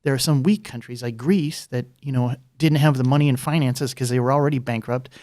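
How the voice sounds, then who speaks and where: Male guest, quick rambling talker, fillers galore, dry close mic. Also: mid-range voice, darkish tone, no echo. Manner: rambling, fast, many fillers and asides. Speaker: guest, former political candidate. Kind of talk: casual political chat.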